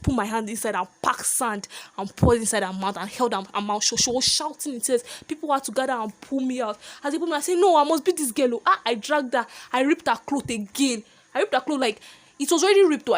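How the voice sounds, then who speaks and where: A young woman tells a story in a casual vlog style, lively and animated. Her voice sits a little high and swings up when the story heats up. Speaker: vlogger.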